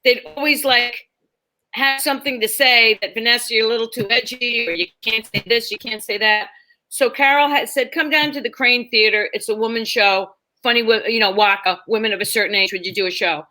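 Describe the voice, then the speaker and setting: Bright-voiced bawdy woman comedian. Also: a little high, brisk. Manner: bawdy, animated, acts out quoted voices. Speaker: comedian guest. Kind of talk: casual storytelling chat.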